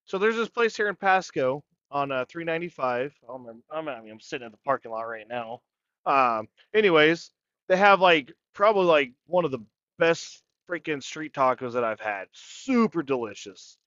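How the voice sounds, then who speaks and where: Male podcast co-host, sharp bright voice, crude jokey banter, dry lo-fi sound. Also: fairly high pitch, animated, normal speed, no room sound. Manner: swears constantly, loud and jokey. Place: truck cab in a parking lot.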